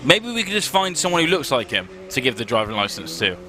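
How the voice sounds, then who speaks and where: Bright, bouncy commentator guy. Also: mid-range voice, quick pace, a little hiss or hum. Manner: upbeat, excitable banter. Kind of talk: live event commentary.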